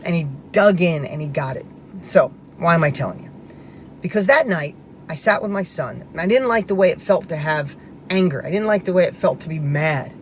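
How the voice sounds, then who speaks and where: A man's voice: fairly high pitch, brisk, a little hiss or hum. A middle-aged man speaking as a motivational speaker, telling a personal story in an emphatic, conversational way and repeating phrases for punch.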